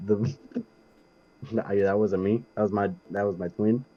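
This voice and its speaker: A man's voice: on the low side, steady tone, normal speed. Give me a man co-hosting a casual podcast, telling a crude, boastful story about work. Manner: crude, boastful, laid-back. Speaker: podcast co-host. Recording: dull, dry, lo-fi sound.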